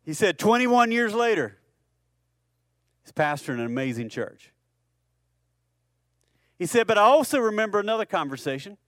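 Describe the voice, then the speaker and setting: A male pastor delivering a sermon with a fairly high voice. He talks to the congregation in a conversational way, throws rhetorical questions at them and repeats words when he restarts a phrase. The sound is dry and close. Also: very animated, moderate pace, pauses often, a bit bright, no echo.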